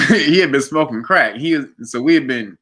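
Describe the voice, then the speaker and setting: A man telling a personal story in a casual interview, animated and laughing as he acts out quotes. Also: medium pitch, moderate pace. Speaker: guest.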